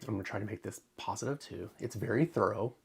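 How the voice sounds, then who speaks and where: A man with a low, gravelly voice and a husky edge talks casually on his livestream. He is emotional and close to tears, stopping often with ums as he searches for words. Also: fast. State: tearful. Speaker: crafting channel host.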